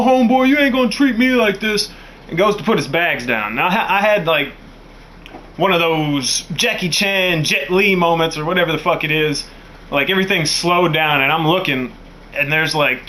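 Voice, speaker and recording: Casting: young man, higher bright tone, profane animated storyteller. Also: a little hiss or hum. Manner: animated, profane, acts out quotes in raised voice. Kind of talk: casual storytelling.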